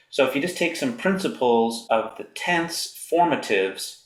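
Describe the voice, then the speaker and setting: Guy giving a grammar lecture, reads out endings slow and careful, roomy echo. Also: mid-range voice. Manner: slow, deliberate recitation of endings. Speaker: Greek grammar teacher.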